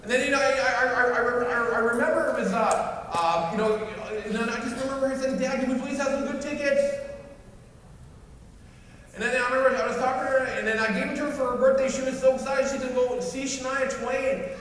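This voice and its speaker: High-voiced man speaking in an echoey hall. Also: quick pace, hardly any pauses, distant mic, slight background noise. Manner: animated, acts out both sides of a phone call, many restarts. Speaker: motivational speaker at a company event. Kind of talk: storytelling speech to a crowd. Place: large event hall.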